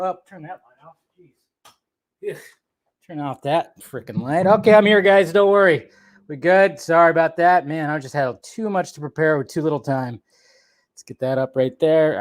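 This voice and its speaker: A man hosting a casual live stream, chatting and joking while he greets viewers by name. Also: a little high.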